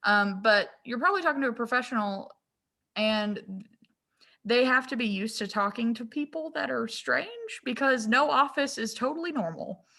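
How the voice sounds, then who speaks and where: Bright-voiced candid young woman. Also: a little high, expressive, creaky. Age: young adult. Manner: candid, self-deprecating, quick to laugh at herself. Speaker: guest designer. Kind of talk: casual interview chat.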